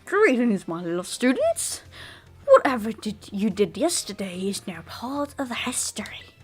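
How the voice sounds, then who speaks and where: A woman's voice: on the high side, sing-song, a little slow, slightly rough, faint music behind, exaggerated voice. A woman voicing a prim, pompous history teacher in a stilted made-up accent. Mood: lecturing.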